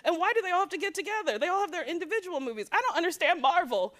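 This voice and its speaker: A woman's voice: extremely high pitch, rapid-fire. A woman chatting as a talk show guest, laughing often and telling stories with silly put-on voices. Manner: giggly, animated storytelling with silly put-on voices. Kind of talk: casual chat.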